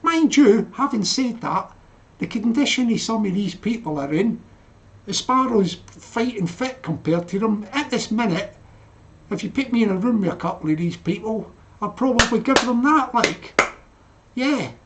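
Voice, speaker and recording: A man's voice: sits high, lively intonation, moderate pace, slight background noise. An older man hosting a casual livestream, laughing often and calling himself by name in the third person. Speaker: livestream host.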